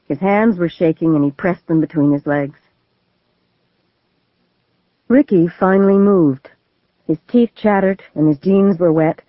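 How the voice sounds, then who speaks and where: A woman narrating a thriller audiobook in a measured, steady storytelling manner, on a tinny, phone-like recording. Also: low voice, no echo. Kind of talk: scripted narration of a legal thriller.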